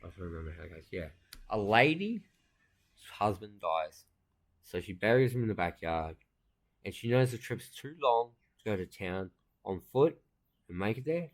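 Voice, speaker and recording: A man with a loud, ranting way of talking, swearing through crude casual banter and jokes as co-host. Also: lowish voice, big pitch swings, moderate pace.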